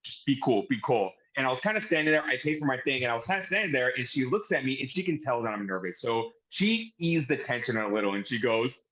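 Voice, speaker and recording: Man telling a profane, animated story. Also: medium pitch, quick pace, few pauses, highs cut off. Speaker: podcast co-host. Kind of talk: casual chat.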